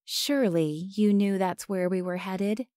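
A woman's voice: medium pitch, expressive, takes it slowly, mellow, dry recording, clean studio sound. A woman voicing a shy but earnest young woman, hesitant and heartfelt.

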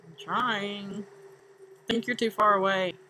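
A woman's voice: mid-range voice, fairly even intonation, takes it slowly, sharp tone, a little hiss or hum. A mother playing a game with her child, teasing and laughing, mock-exasperated. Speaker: gamer, mother. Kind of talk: casual gameplay chat.

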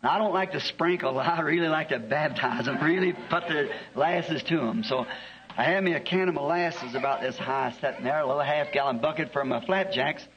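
A man's voice: on the high side, brisk, a bit bright. A man, a preacher telling a homespun story in a sermon, chuckling through his anecdotes. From American South. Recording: dull lo-fi archive tape.

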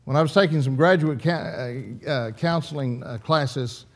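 A man's voice: mid-range voice, normal speed. A man preaching an earnest, emphatic sermon in church, often restarting his phrases.

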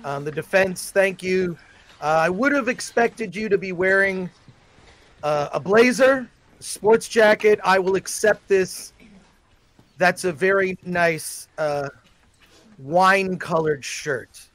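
A man's voice: high voice, slow, a bit bright. A man hosting a livestream as a mock judge. He speaks formally, like a judge, with frequent fillers, over a video call. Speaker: host presiding as mock judge. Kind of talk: mock-formal courtroom role-play on a livestream.

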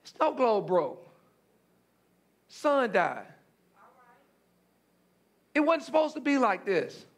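A man with a very high-pitched voice preaches a sermon. He hammers key phrases over and over and restarts words as he drives ahead. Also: very animated, drawn-out words, pauses often. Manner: repetitive emphatic preaching with stammered restarts. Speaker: pastor.

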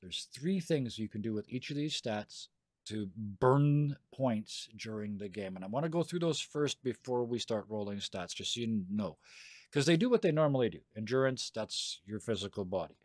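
A man's voice: on the low side, darkish tone, no echo. Casual game master man, dry voice. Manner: casual, rambling, laughs a lot. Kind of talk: explaining game rules on a stream.

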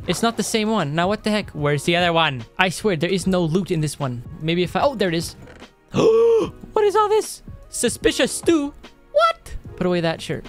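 A man giving casual gameplay commentary, excitable, talking to himself and his viewers, gasping and groaning as he plays. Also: on the high side. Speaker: Minecraft let's player.

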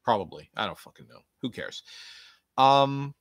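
A man hosts a casual wrestling review podcast in a very animated, mid-range voice at a moderate pace, rambling, joking, swearing often, and breaking into playful outbursts. The recording is clean studio sound with no echo.

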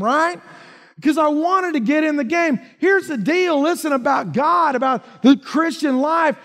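A man's voice: very high voice, normal speed, creaky. A male pastor preaching a sermon in a folksy, emphatic way, often dropping in asides like "man" and "right?". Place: church sanctuary. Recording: church hall reverb.

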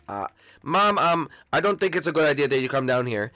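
Lively young-sounding gaming host. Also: male voice, a little high, brisk, dry recording, soft background music. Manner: hesitant, full of uhs and restarts. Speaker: channel host and player. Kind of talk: casual gameplay roleplay.

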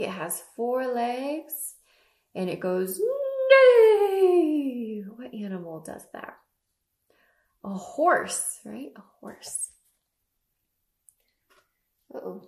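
A woman librarian leading a toddler story time, reading and talking in a slow, sing-song, animated way. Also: mid-range voice, roomy sound. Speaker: children's librarian.

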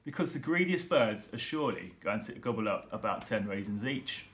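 A man reading aloud and voicing an eager young boy who keeps asking pleading, quick questions. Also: lowish voice, animated, fairly bright tone. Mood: doubtful.

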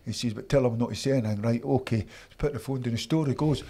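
An older man with a Scottish accent, telling animated stories from his football career as an interview guest. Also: mid-range voice, quick pace, breathy edge. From Scotland. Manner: animated anecdotes, acts out voices of others. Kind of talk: casual storytelling.

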